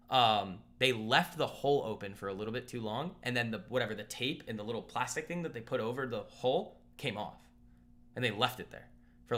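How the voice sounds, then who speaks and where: A man's voice: on the low side, pushed and bright. A young man hosting a live trading stream from his apartment, chatting casually, rambling and joking while reading the chat aloud. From Boston area. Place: apartment room.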